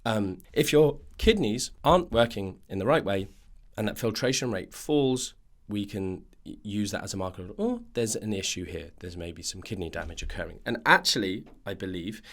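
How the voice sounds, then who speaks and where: A man's voice: on the low side, normal speed, hardly any pauses, fairly bright tone. A man hosting a nutrition podcast, ranting in a casual monologue full of fillers and restarts.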